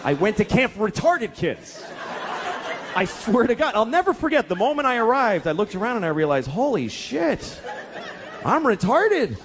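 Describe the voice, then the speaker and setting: A man's voice: high voice, sing-song, brisk. A middle-aged man doing a stand-up comedy routine, telling profane, exasperated stories and acting out voices. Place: comedy club stage. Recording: live club recording with crowd laughter and noise. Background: audience laughing.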